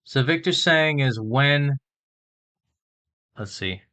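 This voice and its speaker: A man vlogging casually as he learns a language, slowly sounding out and spelling words and thinking aloud. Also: medium pitch, lively intonation, pushed and bright.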